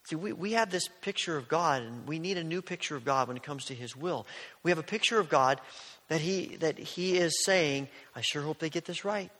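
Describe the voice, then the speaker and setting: A man preaching a sermon in a conversational, storytelling way, sometimes dropping his voice to a soft near-whisper. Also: a little high, animated, moderate pace, in a large hall. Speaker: pastor.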